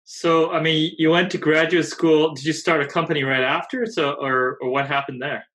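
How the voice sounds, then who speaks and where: Host de podcast, voz aguda e brilhante. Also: male voice, a little high, fairly even intonation, normal speed, fairly bright tone. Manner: brief encouraging prompts. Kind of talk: interview hosting.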